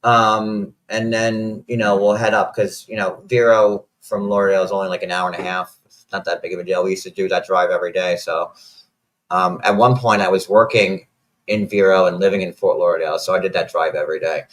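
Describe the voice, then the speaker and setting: A man's voice: deep voice, fairly even intonation, a little fast, fairly bright tone, poor audio. A man in his thirties tells a personal story in loose, rambling sentences. He swears freely, and at moments he is close to tears. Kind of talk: emotional casual storytelling.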